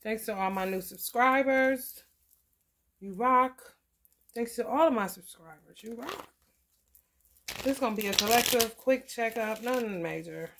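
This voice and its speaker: A woman's voice: on the high side, a little slow, pauses often, noisy background. A woman, talking loosely and profanely in a casual tarot vlog. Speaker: tarot reader.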